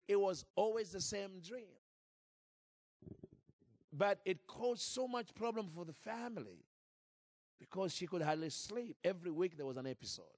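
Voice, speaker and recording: A man preaching and telling a story in an animated way, with frequent restarts and repeated words. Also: a little high, no room sound. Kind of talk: sermon storytelling.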